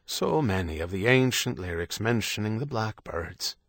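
A man reading an audiobook, voicing a thoughtful priest in a slow, musing way. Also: on the low side, animated, dry recording, studio quality. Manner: musing, unhurried. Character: thoughtful middle-aged priest.

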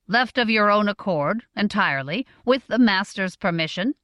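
Woman voicing a merchant father, middle-aged, gruff, blunt, brisk questions, storybook. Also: medium pitch, lively intonation, fairly bright tone, dry recording, studio quality, lightly acted.

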